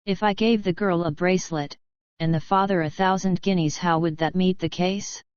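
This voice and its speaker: A woman's voice: lowish voice, fairly even intonation, normal speed, a little mellow, clear, resonant tone, dry recording, dull audio, lightly acted. A woman reading the lines of a moody young male prince in an audiobook, careless and brooding in manner. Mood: offhand. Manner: careless, cross, fearful.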